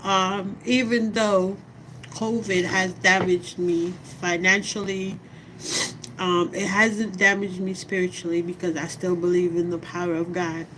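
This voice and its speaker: A middle-aged woman speaks slowly and heavily to camera, her voice sitting a little low. She talks in a casual, heartfelt way and keeps asking if you follow her. A steady background noise hums under her. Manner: slow, heartfelt, conversational, often asks "you know what I mean". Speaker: vlogger. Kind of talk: personal vlog monologue.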